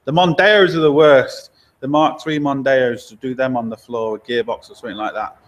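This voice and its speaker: A man runs a casual live stream from his garage. He reads out viewer questions and answers in an easygoing, chatty way, laughing often and giving blunt opinions. His voice sits at an ordinary middle pitch. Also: steady tone, moderate pace. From Lincoln, England. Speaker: garage owner and mechanic.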